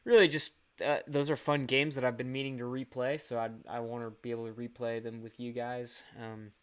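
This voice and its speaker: A young man hosts a relaxed livestream, talking in a loose, rambling way to his viewers. His voice sits at an everyday middle pitch and sounds smooth and clear. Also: fairly quick. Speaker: channel host. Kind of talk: casual livestream chat.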